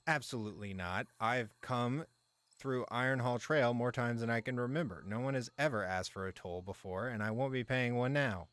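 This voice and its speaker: A man's voice: moderate pace, no echo, close to an everyday voice. A man voicing an indignant, stubborn male traveling merchant who protests shrilly in a game's dialogue. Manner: shrill, arm-waving protest.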